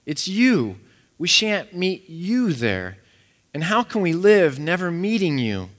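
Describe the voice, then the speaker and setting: A man reading aloud as a pleading, tearful young girl during a sermon, raising his voice higher, in an echoey hall. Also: animated, unhurried, lightly acted.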